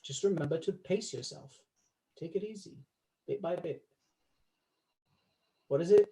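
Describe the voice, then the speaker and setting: A male life coach giving a coaching talk to a small group, instructive, slowing down to stress key words and laughing easily. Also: fairly high pitch, warm tone, rough recording.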